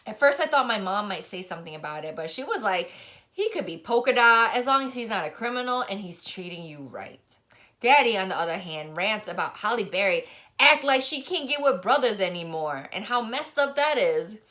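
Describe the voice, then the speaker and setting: A woman's voice: medium pitch, fairly bright tone. A woman reading a novel aloud, narrating expressively in the first person. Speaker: reader.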